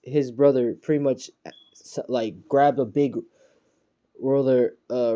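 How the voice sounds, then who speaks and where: A man loosely retelling a fan story in his own everyday voice. His tone is mellow and a little dark. He rambles along with fillers and the odd chuckle. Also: mid-range voice.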